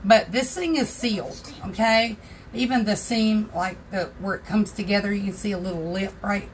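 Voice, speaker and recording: A woman of medium pitch talks at a moderate pace over a slight hiss or hum. She hosts a casual craft tutorial livestream from her home craft room, chatting and greeting viewers by name.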